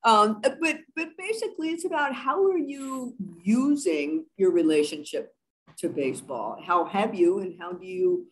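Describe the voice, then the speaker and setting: A woman moderating a conference panel over a video call, asking questions and giving quick affirmations. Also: medium pitch, expressive, a little hiss or hum, low-quality recording.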